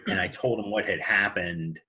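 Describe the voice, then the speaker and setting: Podcast guest: a low, husky male voice; halting, restarting storyteller. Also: pushed and bright. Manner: stammers and restarts, quotes customers. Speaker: podcast guest, movie theater manager. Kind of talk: casual storytelling chat. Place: podcast recording.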